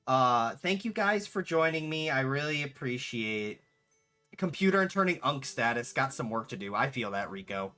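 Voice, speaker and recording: Late-20s livestreamer, sharp bright tone, loose animated storytelling, cusses casually. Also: mid-range voice, normal speed, soft background music. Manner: animated storyteller, swears freely, answers chat aloud. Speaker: streamer and game developer.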